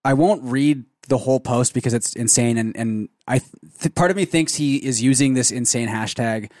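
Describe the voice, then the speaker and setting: A man's voice: medium pitch, moderate pace, a little mellow, dry recording, clean studio sound. Rambling, amused male podcast co-host. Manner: rambling, filler-heavy, amused by his own jokes. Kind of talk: casual comedy chat. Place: Canadian studio show.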